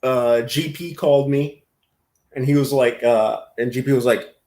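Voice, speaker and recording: A man's voice: medium pitch, fairly even intonation, moderate pace, a little mellow, reverberant. A man hosting a casual livestream, rambling and laughing as he reacts to chat comments. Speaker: livestream host.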